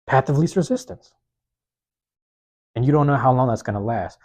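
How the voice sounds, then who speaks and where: A slightly hoarse man hosting his own podcast, talking alone in a casual, slangy way and repeating key phrases for emphasis, recorded with a phone microphone in a small university room. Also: mid-range voice, lively intonation, moderate pace, darkish tone. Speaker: podcast host. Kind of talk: solo motivational monologue. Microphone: plug-in microphone on a phone.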